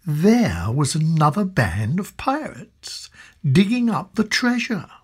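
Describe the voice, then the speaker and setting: A woman narrating a children's storybook in an expressive, slow storytelling manner. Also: low voice, breathy edge, soft background music.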